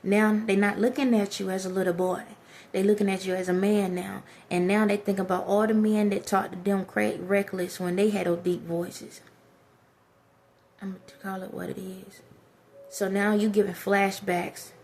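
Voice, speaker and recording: A woman with a mid-range, darkish voice speaks at a moderate pace with little pitch movement, over slight background noise. Addressing her viewers directly as "y'all," she gives life advice in a preachy, straight-to-camera motivational talk.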